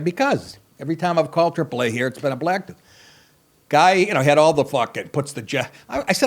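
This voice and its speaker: Middle-aged male host, crude self-mocking storyteller, fairly high voice with lots of pitch swing. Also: lively intonation, moderate pace, a bit bright. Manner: wry asides, breaks into laughter. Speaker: podcast host. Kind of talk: profane comedic monologue.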